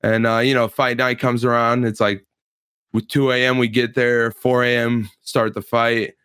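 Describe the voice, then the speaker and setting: A man's voice: mid-range voice, level tone, normal speed, fairly bright tone, smooth, dry recording, studio quality. A man in his twenties, a pro fighter, telling a story in casual chat on a podcast, laid-back and full of slang and filler words.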